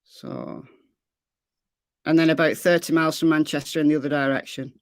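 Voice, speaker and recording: Her low voice holds a steady tone at normal speed as this true crime livestream host from Lancashire, England, answers viewers in a Lancashire accent. She's talkative and repetitive, reading the chat out loud, and the close-mic recording is dry with no echo.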